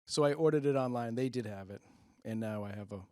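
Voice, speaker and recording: A man's voice: medium pitch, fast, a little mellow, dry recording, studio quality. A middle-aged man hosting a stand-up comedy monologue, rambling with self-deprecating, muttered asides. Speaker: comedian host.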